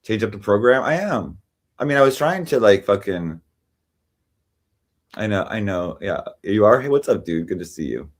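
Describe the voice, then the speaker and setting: Tired, rambling deep-voiced man. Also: lively intonation. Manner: rambling, halting, many restarts and profanity. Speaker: livestream host. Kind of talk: casual livestream chat.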